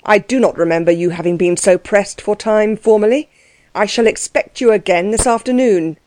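A woman's voice: medium pitch, moderate pace, a little mellow, dry recording, natural voice. A woman reading the part of a proud imprisoned nobleman, speaking earnestly and indignantly, in a dry recording.

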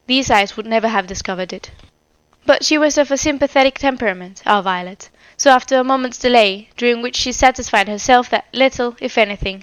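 Smooth-voiced woman narrating a storybook. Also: fairly high pitch, fairly bright tone, no echo. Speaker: audiobook narrator. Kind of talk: scripted narration.

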